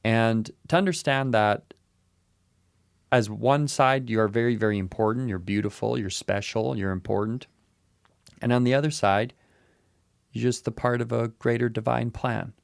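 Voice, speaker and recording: A man's voice: mid-range voice, steady tone, normal speed, gravelly, smooth, no room sound, studio quality. A man co-hosting a podcast who muses in casual talk and repeats short phrases as he works through an idea. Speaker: podcast co-host. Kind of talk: casual reflective chat.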